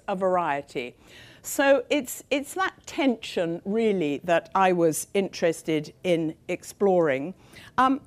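An older woman from England, an author giving a public talk, telling her story in a conversational way with frequent fillers. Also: on the low side.

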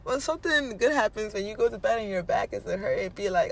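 A woman's voice: mid-range voice, animated, fast talker, vocal fry, a little hiss or hum. A woman giving casual motivational advice, playful and laughing often, slipping into mocking voices and casual swearing. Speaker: vlogger giving manifestation advice.

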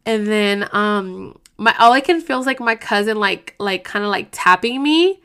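A young woman tells a story straight to her viewers. She talks in loose slang, swears freely and jumps into quoted voices from line to line. Her pitch sits in the middle range for a woman. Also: animated, normal speed, pushed and bright, smooth. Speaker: vlogger. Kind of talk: casual storytelling to camera.

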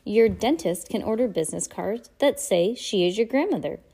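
A woman's voice: mid-range voice, lively intonation, moderate pace, dark tone, slightly rough, pitched above the performer's own voice. Woman putting on a prim, fretful old widow. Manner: prim, fretful and easily flustered. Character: fussy nervous elderly widow.

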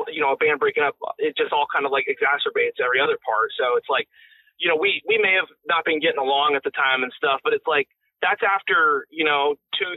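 A man, a guest musician, telling stories in a casual interview chat, animated and often laughing, heard over a tinny phone-like line. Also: on the high side.

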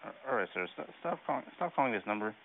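Guy working the shop phone, quick and polite but deadpan, tinny line, a little background noise. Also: lowish voice. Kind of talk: customer service call.

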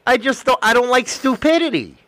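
A man's voice: very high voice, sing-song, a little fast, fairly bright tone, no room sound. A man in casual chat, ranting bluntly and swearing constantly. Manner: blunt, heavily profane ranting.

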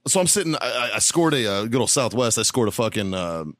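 A man's voice: mid-range voice, expressive, fast talker, a bit bright, no room sound. A man hosting a podcast in a studio, telling a long, profane, rambling story with frequent laughs. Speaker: podcast host.

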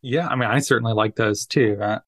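A man's voice: medium pitch, a little fast, fairly bright tone, no echo, studio quality. A man interviewing a guest in a casual, easygoing, self-deprecating way.

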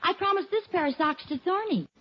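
A woman playing a sweet, affectionate middle-aged wife and mother in a 1950s radio sitcom, gentle and doting, on a dull old radio recording. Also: extremely high pitch, expressive, brisk.

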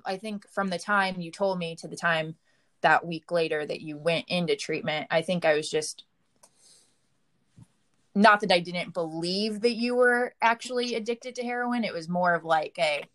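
A woman with a lowish voice recounting a hard memory in a relaxed, conversational way. She talks with many fillers and acts out what she and others said. Her delivery is emotional but steady. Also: moderate pace. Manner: emotional, frequent "like" fillers, quotes herself. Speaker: partner of a recovering addict, guest. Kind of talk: casual conversational storytelling.

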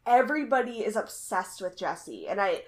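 A woman's voice: mid-range voice, big pitch swings, a little fast. A young woman co-hosting a podcast, chatting casually with dry, judgy asides while recapping a reality show. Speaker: podcast co-host. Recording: connection cuts out at times.

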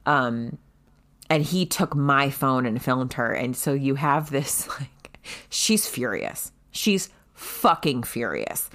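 A woman telling a story in casual chat, animated and swearing freely, loudly acting out what people said. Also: rumbling low, slow. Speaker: guest telling her birth story.

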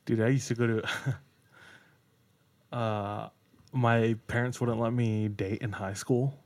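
A man's voice: medium pitch, fairly even intonation, slow. A young man co-hosting a podcast, telling a rambling personal story with frequent laughs. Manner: laughs often, rambling, says dude. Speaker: podcast co-host. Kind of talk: casual chat, personal anecdote.

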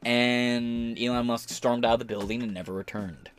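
Male podcaster of middle pitch, mocking and foul-mouthed, with faint music underneath. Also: fairly even intonation, normal speed. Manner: sarcastic, crude, mocking. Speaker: podcast host. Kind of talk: profane live-stream commentary.

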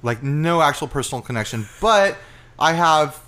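A young man co-hosting a casual gear podcast, chatty and quick to laugh, reading out listings. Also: on the high side, animated, a bit bright. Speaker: podcast co-host. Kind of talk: casual chat.

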